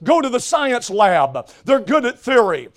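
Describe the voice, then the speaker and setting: High-voiced male preacher. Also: big pitch swings, unhurried. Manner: call-and-response questions to the congregation, quoting scripture; varies between loud exclamations and quiet passages. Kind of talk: sermon.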